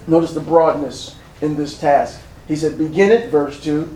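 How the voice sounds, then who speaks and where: A man's voice: on the high side, moderate pace, warm tone, roomy sound, recorded from a distance, a little hiss or hum, poor audio. A man preaching a sermon as pastor, building his points with emphasis and repetition.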